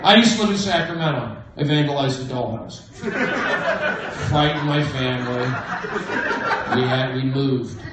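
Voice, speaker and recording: A man doing a stand-up comedy set in a comedy club, with a manic, erratic delivery that breaks into sudden loud outbursts. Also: medium pitch, moderate pace, pauses often, very noisy. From American Southwest. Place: comedy club main room. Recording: roomy, distant livestream audio with crowd laughter.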